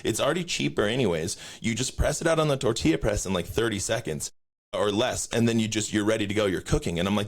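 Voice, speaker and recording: A young man rants through a profane story on his podcast. His usual voice sits fairly low, but he keeps leaping up high to replay his own lines. The delivery is loose and animated, full of restarts and asides. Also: fast. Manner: profane, animated storytelling, jumps high when quoting himself. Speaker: podcast host. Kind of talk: casual rant.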